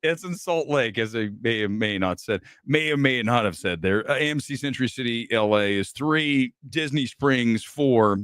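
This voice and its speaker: A man's voice: mid-range voice, lively intonation, normal speed, hardly any pauses, fairly bright tone, smooth, no room sound, clean studio sound. A man hosting a movie news show, ranting with profanity and sarcasm in casual commentary.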